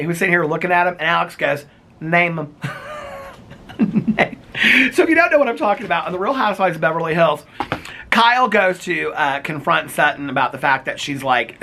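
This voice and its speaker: Bright, gossipy middle-aged man vlogging. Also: fairly high pitch, a little hiss or hum. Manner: animated and gossipy, laughs often, repeats catchphrases. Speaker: reality TV recap YouTuber. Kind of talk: casual chatty recap to camera.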